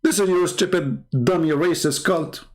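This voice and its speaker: A man's voice: fairly high pitch, normal speed. A man hosting a live stream, giving a sarcastic, mocking polemical monologue with chuckles.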